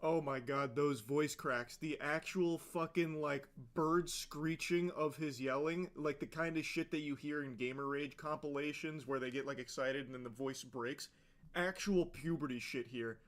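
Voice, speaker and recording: Brief: man, sarcastic video commentator, casual and profane, slightly higher voice. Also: fairly even intonation, moderate pace. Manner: sarcastic, profane, filler-heavy. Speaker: reaction commentator.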